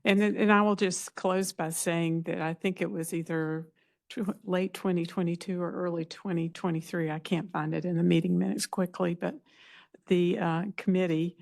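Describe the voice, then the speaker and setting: A woman commissioner asking questions at a public meeting, speaking deliberately and searching for words. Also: fairly low pitch, little pitch movement, vocal fry, darkish tone. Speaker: commission member.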